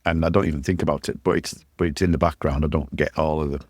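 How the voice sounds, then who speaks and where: A man's voice: extremely low pitch, fairly even intonation, fast, no room sound, studio quality. A man hosting a podcast, chatty and easily amused, musing aloud on the topic. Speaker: podcast host. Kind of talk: casual podcast chat.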